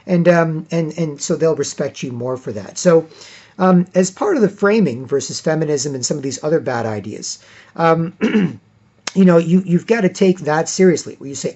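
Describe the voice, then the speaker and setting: Guy ranting on his own, kinda high voice, muffled lo-fi audio. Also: lively intonation, normal speed, darkish tone. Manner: emphatic, repeats himself, acts out quotes. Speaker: commentator. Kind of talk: casual monologue.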